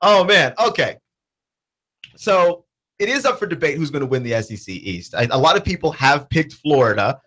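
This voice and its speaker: Male sports radio host, husky voice, swinging pitch, casual and argumentative. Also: normal speed. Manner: animated, argumentative, casual slang. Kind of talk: sports talk radio banter.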